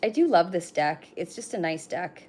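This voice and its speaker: An animated middle-aged woman with a low, darkish, slightly rough voice gives a casual oracle card reading on a livestream at normal speed. She's chatty, swears from time to time, and speaks directly to the people watching.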